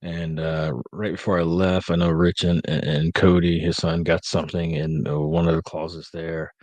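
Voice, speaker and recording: Young male podcast host, deep voice, dry close recording, casual and rambling, a bit drowsy. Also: little pitch movement, moderate pace, a little mellow, dry recording. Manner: rambling, many ums and uhs. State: sleepy, yawning. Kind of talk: casual live-stream chat.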